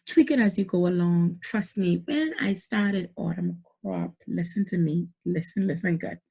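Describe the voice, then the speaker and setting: A woman's voice: lowish voice, normal speed, gravelly, mellow, slightly rough. A middle-aged woman, giving emphatic motivational business advice to camera and repeating points for stress. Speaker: business coach.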